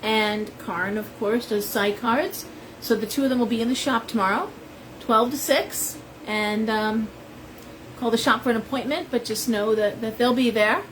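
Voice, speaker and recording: A woman's voice: fairly high pitch, normal speed, a bit bright, slight background noise, low-quality recording. A middle-aged woman, a shop owner, chatting casually on a live stream and greeting viewers by name. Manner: chatty, rambling, reads out viewer names.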